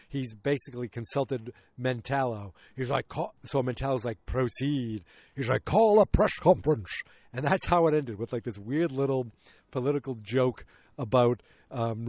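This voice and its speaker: A man's voice: medium pitch, a little mellow, no room sound. Podcast host, male, casual rambling recap, dry close sound. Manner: rambling, acts out quotes in raised voices.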